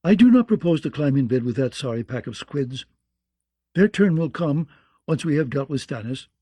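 Male narrator doing an imperious storybook queen, dismissive and dark-toned. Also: fairly high pitch, animated, normal speed, breathy edge, no echo. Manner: cold, commanding, dismissive. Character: proud imperious queen, woman.

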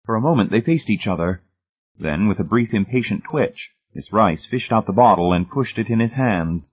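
A man narrates a story as an audiobook, even and measured. His voice is low and husky. It sounds thin, like it is coming over a phone line. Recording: tinny, phone-like narrow sound.

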